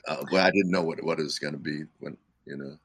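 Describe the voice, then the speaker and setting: Interview guest, male, low and forceful timbre, dry close sound, loose storyteller with restarts. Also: steady tone, fast, vocal fry, husky, no room sound. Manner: rambling, chuckling, many restarts. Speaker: guest musician.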